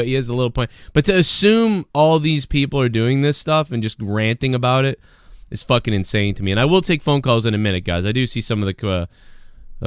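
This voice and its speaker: A man's voice: medium pitch, clean tone, no room sound. Guy host ranting casual about a clip, cusses a ton, voice jumps all over, dry close sound. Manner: rambling, swears a lot, mocking shouted impressions. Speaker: show host reacting to a video. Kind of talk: casual profane commentary.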